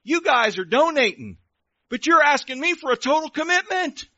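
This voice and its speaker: A preacher voicing an indignant farm pig in a told fable, loud and exasperated. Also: male voice, extremely high pitch, big pitch swings, moderate pace, no room sound, voice pushed up, exaggerated voice. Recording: dull lo-fi recording.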